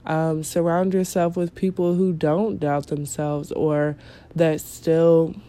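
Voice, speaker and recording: A woman's voice: deep voice, flat delivery, slow pace, mellow. A woman hosting her own podcast, talking casually with a nasal voice and lots of fillers and restarts. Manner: rambling, many fillers and restarts. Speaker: podcast host. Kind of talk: casual solo podcast talk.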